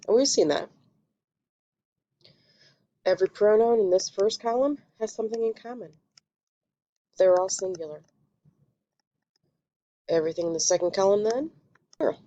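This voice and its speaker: A woman teaching a Spanish lesson, explaining step by step in a patient way and quickly correcting her own slips. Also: medium pitch, darkish tone, dull audio. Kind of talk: recorded classroom lesson.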